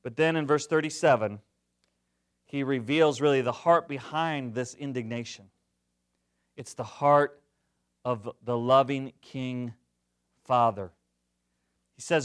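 A middle-aged man preaching a sermon, jokey and animated, swinging from loud to hushed. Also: mid-range voice, measured pace, long pauses. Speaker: pastor.

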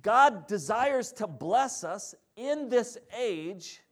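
Male pastor, sermon, conversational, storytelling, asks the congregation questions, slightly high-pitched. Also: expressive, extremely slow, fairly bright tone.

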